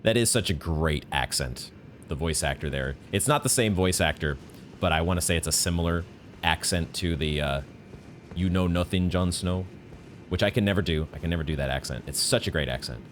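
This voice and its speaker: A man's voice: extremely low pitch, brisk, a bit bright, slight background noise. A man streaming a blind playthrough of a video game, chatting and musing aloud in a playful way. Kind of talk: live gameplay commentary. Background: game music.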